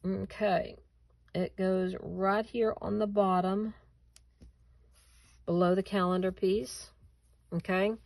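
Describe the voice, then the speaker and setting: A woman's voice: medium pitch, little pitch movement, slow pace, creaky, pauses often, a little mellow. A woman hosting a casual craft tutorial at home, chatting with viewers and laughing at herself as she cuts and glues.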